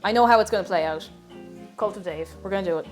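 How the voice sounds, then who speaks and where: Speaking fast in a mid-range voice over music, an Irish woman cooks in her home kitchen and chats with her stream audience. She's bubbly and talkative, reading out viewer names during the casual livestream.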